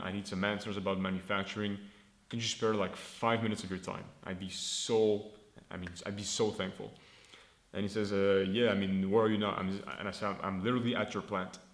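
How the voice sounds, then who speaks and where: Twenties man, founder vlogging; loose, profane storyteller, lowish voice, roomy echo. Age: 20s. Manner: rambling, swears freely, acts out dialogue. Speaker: founder vlogging his startup. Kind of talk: casual storytelling.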